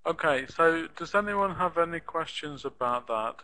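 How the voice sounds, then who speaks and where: A man teaching an online English class, explaining grammar and stress slowly and patiently, repeating model phrases for his students. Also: on the high side, animated, pushed and bright, poor audio.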